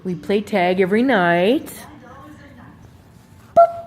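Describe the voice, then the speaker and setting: A woman's voice: mid-range voice, expressive, slow pace, a little mellow. A woman chatting to her pet bird in a home video, cooing in baby talk with frequent giggles.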